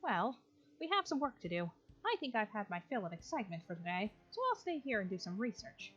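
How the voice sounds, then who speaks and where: A woman's voice: mid-range voice, very animated, brisk, fairly bright tone, a little hiss or hum, voice pushed up. A woman voicing a brainy young male paranormal researcher, earnest and studious, reading game dialogue aloud. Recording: lo-fi with faint game music.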